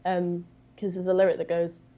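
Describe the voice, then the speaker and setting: A woman's voice: fairly low pitch, completely flat delivery, normal speed, lo-fi sound, slight background noise. A woman with a British accent, a guest singer chatting casually on a video call and telling a long story with plenty of fillers. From Britain. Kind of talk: casual chat.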